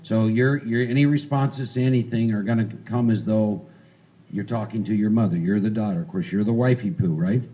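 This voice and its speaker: A man's voice: fairly low pitch, brisk, highs cut off. A man leading a recovery workshop, talking casually and coaching volunteers through a role-play. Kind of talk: interactive recovery workshop talk.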